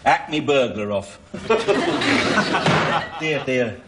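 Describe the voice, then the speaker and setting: Brief: chirpy burglar posing as a doctor, middle-aged, lively and fairly high voice, noisy old TV recording. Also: male voice, drawn-out words, exaggerated voice. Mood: cheeky. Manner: chatty, bluffing, full of tag questions. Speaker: comic actor in a sketch. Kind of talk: television sketch comedy acting.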